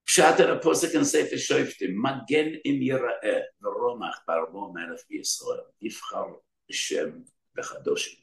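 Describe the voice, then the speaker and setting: A man's voice: mid-range voice, a little slow, vocal fry, roomy sound, low-quality recording. A man giving an emphatic Torah sermon in English, weaving in Hebrew terms and asking rhetorical questions. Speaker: rabbi giving a Torah talk.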